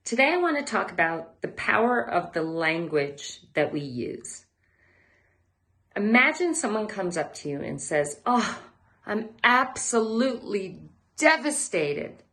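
A woman, an athlete, hosting her own show with a motivational monologue, speaking in a measured way and slowing down to stress key words. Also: lowish voice, very animated, a bit bright. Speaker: host.

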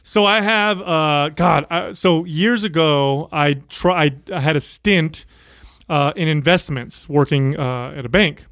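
A man in casual chat, starting a story of his own with relaxed asides. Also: fairly high pitch, measured pace, dry recording, clean studio sound.

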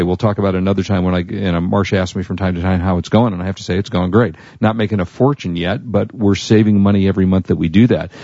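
A man's voice: lowish voice, warm tone, no echo, lo-fi sound. A man hosting a technology radio show, talking casually in a rambling, chatty way and correcting himself as he goes. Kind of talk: casual tech radio talk.

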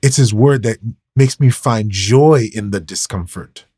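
A man with a lowish, slightly husky voice preaches to a live online audience. He talks casually and with emphasis, repeating key phrases and calling out to "y'all." The sound is close and dry, with no room echo. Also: a little slow, dark tone. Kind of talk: livestreamed devotional sermon.

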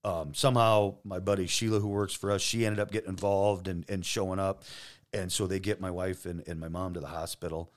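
A man's voice: low voice, fairly quick. A middle-aged man, a police detective, telling his story on a podcast in a casual, profane way, acting out what people said. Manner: profane, animated storyteller, acts out quotes.

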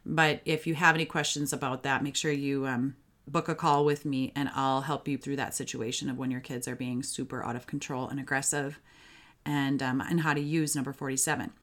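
A woman's voice: extremely low pitch, level tone, fairly quick, fairly bright tone. A woman hosting a parenting podcast who gives solo advice in a chatty, upbeat way and talks straight to her listeners.

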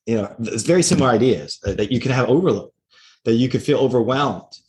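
A middle-aged man hosting a podcast, eager and enthusiastic, quick to affirm his guest. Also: medium pitch, expressive, darkish tone. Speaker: podcast host. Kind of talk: podcast interview talk.

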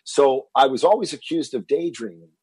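Husky-voiced man telling a story. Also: medium pitch, normal speed, no room sound, low-quality recording. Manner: animated, acts out quoted family dialogue. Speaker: podcast guest. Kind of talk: personal storytelling in an interview.

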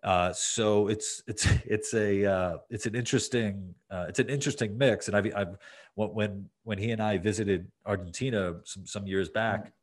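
Male podcast host with a very low voice, loose conversational delivery. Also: normal speed. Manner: rambling, many fillers and restarts. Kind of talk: casual conversation.

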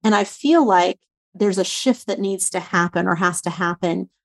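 A woman's voice: medium pitch, moderate pace, gravelly. A woman hosting an interview show, chatty and enthusiastic, affirming her guest. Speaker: show host. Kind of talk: casual interview chat.

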